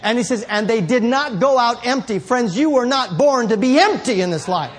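A male preacher telling a story in a sermon, rambling and correcting himself, building up to shouts. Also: very high-pitched, lively intonation, normal speed.

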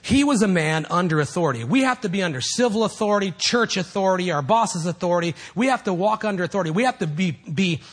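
High husky guy preaching a sermon, gets loud and fired up. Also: fast talker, few pauses. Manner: animated preaching, rising to shouts. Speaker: pastor.

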